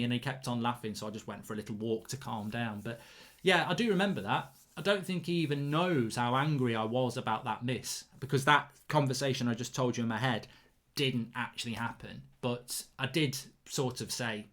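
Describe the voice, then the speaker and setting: A man, rambling through a casual story as host, restarting sentences and getting loud when he acts out his anger. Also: mid-range voice, a little fast. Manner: rambling, self-interrupting, gets loud and heated when acting out anger.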